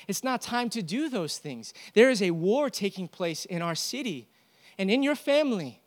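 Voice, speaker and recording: A young man preaching a sermon, swinging between loud urgent exhortation and quiet storytelling. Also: high-pitched, sing-song, moderate pace. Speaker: pastor.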